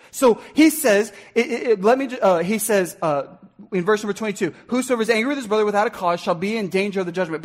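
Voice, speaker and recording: A man with a notably high voice preaches to his congregation from the pulpit. He speaks earnestly and directly, dropping into low mutters to act out angry words under the breath. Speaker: pastor. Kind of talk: sermon. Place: church sanctuary.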